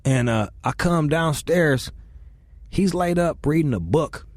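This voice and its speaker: A man's voice: on the high side, takes it slowly, dry recording. A man hosting a casual chat, telling a long story with lots of swearing and acted-out quotes. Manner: profane, animated, quotes people in voices. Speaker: podcast host.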